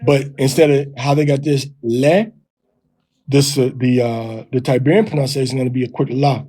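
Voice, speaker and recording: A middle-aged man teaching Hebrew pronunciation, explaining patiently and repeating words slowly to demonstrate sounds. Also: medium pitch, steady tone, warm tone, husky. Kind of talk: Bible Hebrew pronunciation lesson.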